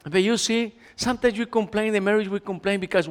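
A male pastor preaching a sermon in a church, speaking in an animated, conversational way that swings between loud and quiet. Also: high-pitched, brisk, hardly any pauses. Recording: echoey hall.

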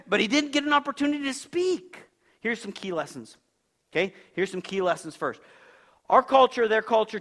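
A man's voice: sits high, a bit bright. A man preaches a sermon in a church. He speaks conversationally and keeps asking the congregation questions. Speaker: pastor.

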